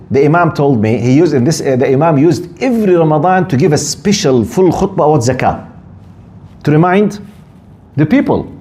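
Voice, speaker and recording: A middle-aged man teaches a religious lesson in English, slipping in phrases as he tells stories. His voice sits a little high and swings widely in pitch as he animates each point. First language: Arabic. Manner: animated storyteller, mixes Arabic phrases into English. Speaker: Islamic scholar giving a tafsir lesson.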